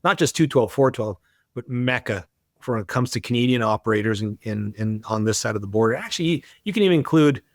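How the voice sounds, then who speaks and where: A man's voice: mid-range voice, animated, fast, dry recording, clean studio sound. A man hosting a podcast interview, talking in a casual, encouraging way and praising his guest. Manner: casual and encouraging, calls the guest buddy and dude. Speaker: podcast host. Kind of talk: conversational interview.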